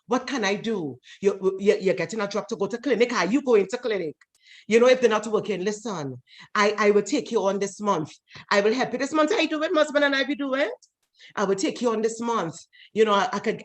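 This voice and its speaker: Woman, emphatic and repetitive, preachy forum speech, video call. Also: mid-range voice. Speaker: panelist in church forum.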